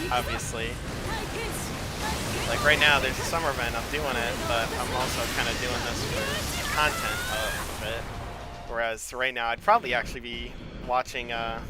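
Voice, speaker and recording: A young man rambling casually on his gaming stream, chatty and loose, with swearing. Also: medium pitch. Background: game music playing.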